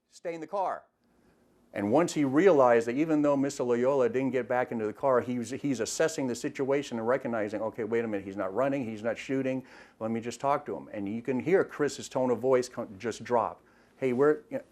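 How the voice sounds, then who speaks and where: A man's voice: mid-range voice, darkish tone. A middle-aged man with a mid-range voice walks through how police escalate force, talking as a former officer. He explains patiently, often repeating and restarting words while he acts out the commands he describes. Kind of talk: explaining commentary.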